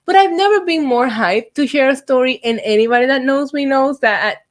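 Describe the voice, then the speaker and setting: A woman's voice: sits high, a little fast. Chatty young woman from Puerto Rico. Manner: chatty and excitable, with ums and asides. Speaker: YouTube host. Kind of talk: casual storytelling vlog.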